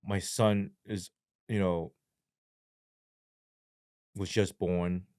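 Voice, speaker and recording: A man's voice: flat delivery, a little mellow, dry recording, studio quality. Blunt, profane man telling his story. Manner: blunt and heavy on profanity, with casual slang; drops into a low, halting voice when speaking of despair. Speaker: guest, former police sergeant. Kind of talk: candid storytelling in an interview.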